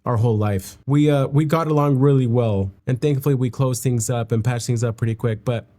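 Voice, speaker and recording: A man with a mellow, warm voice at an ordinary middle pitch reflects aloud while reacting to music. He speaks in a halting, heartfelt way, restarting his sentences and sounding close to tears. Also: steady tone. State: emotional, near tears. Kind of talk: reflective casual reaction commentary.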